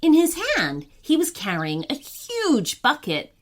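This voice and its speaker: A woman narrating a scripted bedtime story for children in an expressive storybook reading. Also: sits high, slow pace.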